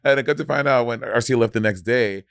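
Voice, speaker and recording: A man with a light Caribbean accent co-hosts a podcast, telling stories in a loose, chatty way and laughing often. His voice sits at an ordinary pitch and is recorded dry and close. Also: fast, gravelly, fairly bright tone, no echo. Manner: laughing, storytelling, many "like" fillers. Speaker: podcast co-host. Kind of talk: casual chat.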